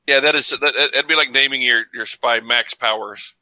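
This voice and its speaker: Sharp-voiced joking man. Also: mid-range voice, steady tone, no echo, poor audio. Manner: joking, quick quips. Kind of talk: casual chat.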